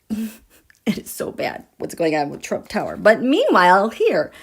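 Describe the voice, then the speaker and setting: A woman hosting a live tarot and astrology stream, gushing with excitement, sometimes dropping to a breathy whisper and chatting with her viewers. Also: medium pitch, unhurried. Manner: checks in with viewers and reads their comments. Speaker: tarot and astrology livestream host.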